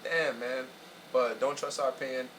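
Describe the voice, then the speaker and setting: A man hosting a reaction video in casual, slangy chat, animated and laughing often. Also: mid-range voice, moderate pace, poor audio.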